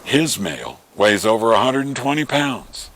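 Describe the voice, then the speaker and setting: A man preaching a sermon as an animated retelling, acting out the voices of the people in it. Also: mid-range voice, measured pace. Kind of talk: storytelling sermon.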